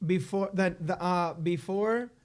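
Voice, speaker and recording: High-voiced joking podcast co-host man. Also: a little slow, clean tone. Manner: joking, excitable, playful sarcasm. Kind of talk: casual chat.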